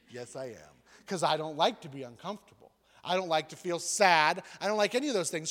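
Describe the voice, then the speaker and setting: A man preaching a sermon as a pastor, telling funny personal stories in an animated, joking way. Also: on the high side, long reverb tail.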